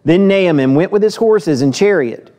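A man preaching a sermon in a church, his voice sitting a little high for a man. He reads scripture aloud and gives its speakers lively acted voices. Then he turns to the congregation and talks plainly, asking them direct questions. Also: normal speed. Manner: asks the listeners direct questions.

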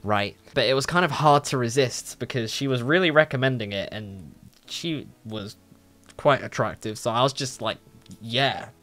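A young man, telling a story in a casual, animated way and swearing freely. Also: normal speed. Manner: animated, swears a lot, jumpy pitch. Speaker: vlogger.

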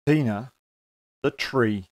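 A man at a church service reading a children's picture book aloud with expressive storytelling. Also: medium pitch, slow pace, dry recording.

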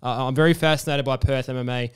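A young man talks quickly, hosting a sports podcast in a loose, chatty way. His voice is very clean and clear, and he fills his questions with asides and fillers. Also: medium pitch, steady tone. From Australia. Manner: chatty, filler-heavy, enthusiastic. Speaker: podcast host. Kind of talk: casual sports interview.

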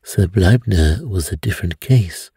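A man voicing a placid, precise middle-aged male detective in a bedtime story, speaking calmly and gravely. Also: sits low, no echo, full character voice. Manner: calm, grave and measured.

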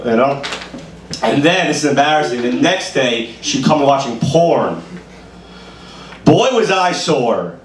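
At an open mic in a small bar comedy room, a stand-up comedian who grew up in Brooklyn, New York, does a rambling set full of "you know." His mid-range voice is animated, taking it slowly with frequent pauses. The live room sounds roomy, the mic is heard from a distance, and there's a faint hiss.

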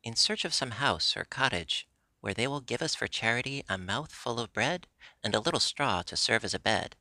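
An earnest wooden puppet boy speaks with eager, pleading urgency, as a man reading a storybook gives him voice. The voice is bright and slightly gravelly, heard dry and close. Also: medium pitch, expressive, normal speed, no echo. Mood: tender.

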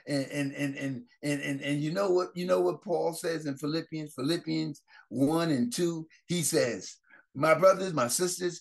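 Male pastor, fervent prayer-line sermon, rather high voice, repeats and restarts phrases. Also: fairly bright tone. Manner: fervent preaching with repeated exclamations and rising emphasis.

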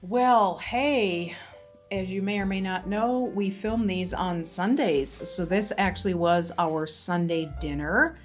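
A woman's voice: medium pitch, slow, soft background music. A woman hosting a home cooking show, cheerfully talking the camera through each step of a casual demonstration in her kitchen.

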